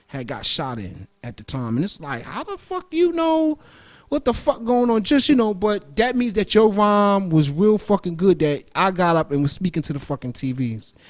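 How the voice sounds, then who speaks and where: High-voiced man ranting profanely on radio. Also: sing-song, moderate pace. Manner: loose, profane, rambling street talk; jumps between topics. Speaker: radio show host. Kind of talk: casual solo monologue.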